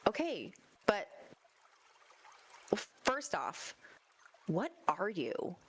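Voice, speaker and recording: A woman playing a sharp, incredulous young heroine who asks drawn-out, sarcastic questions in a tabletop role-play. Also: medium pitch, sing-song, a little hiss or hum.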